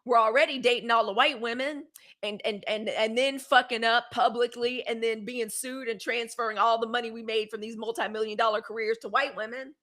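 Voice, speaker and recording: Woman host, fiery emphatic livestream commentary, bright and somewhat high. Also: steady tone, fairly quick. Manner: fiery and emphatic, with repeated phrases and AAVE slang. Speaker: host of a live news commentary show.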